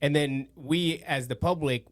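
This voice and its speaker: A man hosting a casual podcast chat, talking in an animated, slangy way and acting out what others say. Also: a little high, unhurried. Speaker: podcast host. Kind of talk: casual conversation.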